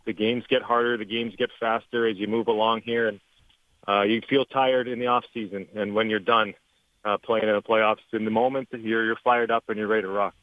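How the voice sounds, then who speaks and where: A man's voice: fairly low pitch, little pitch movement, fairly quick, dry recording. A Canadian man, a former hockey player, chatting easily about playoff hockey as a guest analyst over the phone. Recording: tinny phone line, dry.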